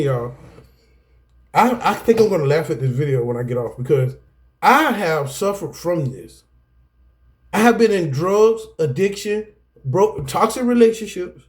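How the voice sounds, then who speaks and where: A man giving a self-help lesson to camera in a preacher-like cadence, often laughing and breaking off mid-sentence. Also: sits high. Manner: preacher-like cadence, addresses viewers as y'all. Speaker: self-help video teacher. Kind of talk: preachy talk to camera about anger.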